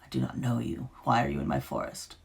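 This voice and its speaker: A woman doing a rasping stern forest witch. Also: very animated, fast talker, heavily acted. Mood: cold. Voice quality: rasping, gravelly. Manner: toneless, low and quiet.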